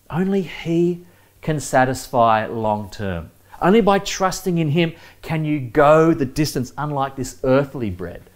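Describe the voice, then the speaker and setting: A man with an Australian accent preaching a sermon while baking bread, earnest and emphatic, speaking straight to his listeners. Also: a little high.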